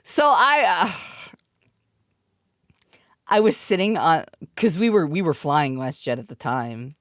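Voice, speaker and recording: Woman, from Canada, streamer, giggly, profane, very expressive pitch, slow delivery. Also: dry recording, clean studio sound. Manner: giggly, profane, animated storyteller. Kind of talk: casual storytelling to stream chat.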